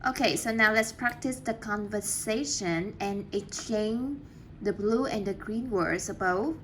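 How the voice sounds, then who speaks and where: A woman teaching an English class, patient and encouraging, giving clear step-by-step instructions. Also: medium pitch, unhurried, slight background noise.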